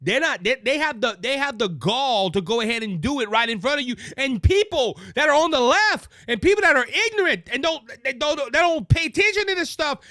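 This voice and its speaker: Cajun male political host, heated rant, bright sharp high voice, dry studio sound. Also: animated, brisk, few pauses, no room sound. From Louisiana. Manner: impassioned, raises voice, repeats words as he restarts. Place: studio with a monitor.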